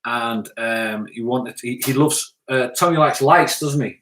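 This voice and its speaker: A man's voice: medium pitch, measured pace, fairly bright tone. A man co-hosting a casual live stream, chatting in a jokey way and reading out viewer comments, often stumbling over words.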